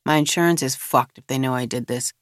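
Read by a narrator, a weary, contemptuous man speaks in a hoarse, croaking voice after nearly dying. He sounds groggy and resentful. The recording is dry and close. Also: mid-range voice, brisk, no room sound, lightly acted. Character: bitter, groggy man recovering from an overdose. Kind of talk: audiobook character voice.

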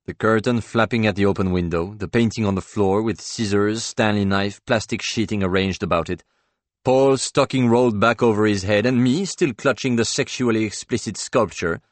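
Deep-voiced man narrating a novel. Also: no echo. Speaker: audiobook narrator. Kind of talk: scripted first-person narration.

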